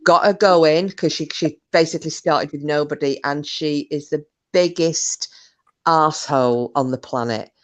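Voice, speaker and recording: A woman's voice: sits low, moderate pace, poor audio. A woman hosting a casual livestream, telling gossip with lots of swearing and laughter. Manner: animated gossiping storyteller, swearing, laughing often. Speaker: livestream host.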